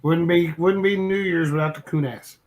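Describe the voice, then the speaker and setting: A man's voice: a little high, steady tone, normal speed. Laid-back man hosting a stream chat. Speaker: channel host. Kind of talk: casual chat on a live stream call.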